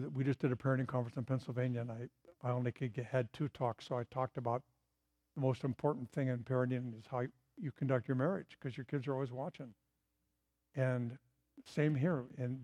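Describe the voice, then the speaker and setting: A man's voice: mid-range voice, dark tone. A middle-aged man preaching a sermon in an earnest, emphatic way, driving points home through repetition. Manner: earnest, emphatic, repeats key phrases.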